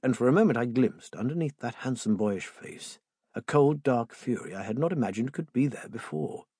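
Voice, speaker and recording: A man reading a first-person story as an audiobook narrator, in a measured way. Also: medium pitch, animated, mellow, husky, no echo, clean studio sound.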